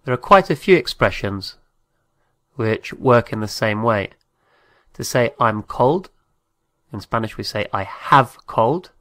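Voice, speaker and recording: A man's voice: mid-range voice, animated, slow, long pauses, bright, forceful tone, no echo. A man giving a patient language lesson, spelling out words letter by letter. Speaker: Spanish teacher.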